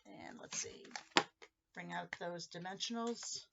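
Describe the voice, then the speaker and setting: A woman's voice: lowish voice, steady tone, slow pace, creaky, in a whisper, lo-fi sound. A woman hosting a casual crafting tutorial, chatting as she walks viewers through each step of a handmade card.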